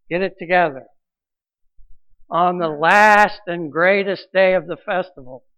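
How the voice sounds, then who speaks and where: A man's voice: sits high, muffled recording. A man preaching a sermon as pastor, earnest, with restarts and rising emphasis.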